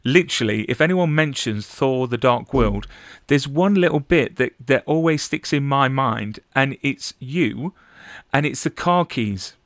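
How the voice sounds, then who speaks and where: A man's voice: mid-range voice, lively intonation, unhurried, a bit bright, dry recording, clean studio sound. A young man hosting an interview in casual chat, stammering and repeating syllables as he talks. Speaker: interviewer host.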